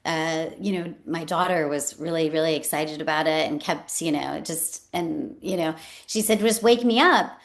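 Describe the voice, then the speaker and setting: Woman host, chatty and expressive, acts out every quote, laughs easily. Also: sits low, normal speed, creaky, few pauses. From New York State. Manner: animated storyteller, acts out quotes, laughs often. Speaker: podcast host. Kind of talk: casual conversational interview.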